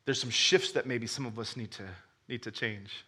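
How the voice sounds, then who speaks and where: A man preaching a sermon as pastor, telling a story with lively acted-out voices and frequent restarts. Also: mid-range voice, normal speed, slightly rough. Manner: animated storytelling, acts out characters, laughs with the crowd; stammers when starting sentences.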